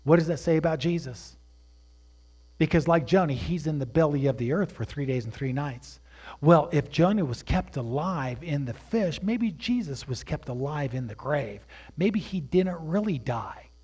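A man teaching a sermon, asking rhetorical questions and swinging between hushed, drawn-out phrases and loud, emphatic preaching. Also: fairly high pitch, lively intonation, slightly rough.

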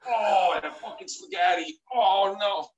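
A wailing spaghetti-heart-attack victim. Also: male voice, sits high, a little slow, lo-fi sound, voice pushed up. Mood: anguished wailing. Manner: wailing, cursing, overblown death throes. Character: man dying from a spaghetti heart attack, anguished. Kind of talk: improv bit replayed.

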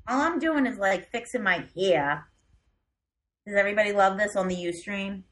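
A woman co-hosting a podcast in casual chat, animated and self-mocking. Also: medium pitch, moderate pace. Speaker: podcast co-host.

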